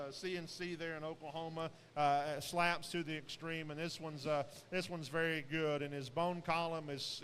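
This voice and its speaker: A man's voice: on the high side, a bit bright. A man doing rambling, folksy live commentary at a show pig sale, full of fillers and restarts. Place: livestock sale barn. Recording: long echo of a large hall.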